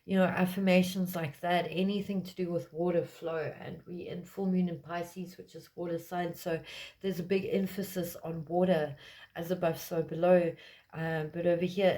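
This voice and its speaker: Mellow-voiced woman giving a spiritual reading. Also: fairly low pitch, level tone, moderate pace. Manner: meandering, lots of fillers. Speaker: tarot reader.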